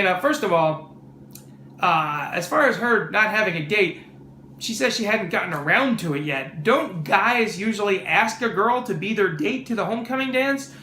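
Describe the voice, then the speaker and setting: A man's voice: high voice, bright, forceful tone, roomy sound, slight background noise. A man hosting a casual movie review vlog, sarcastic and mocking.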